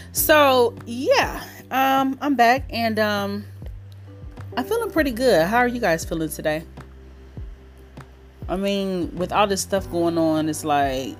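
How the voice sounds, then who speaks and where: A woman's voice: medium pitch, sing-song, takes it slowly, pauses often, soft background music. Chatty woman podcast host, candid. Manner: chatty, candid, swears freely, laughs easily. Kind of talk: casual chat.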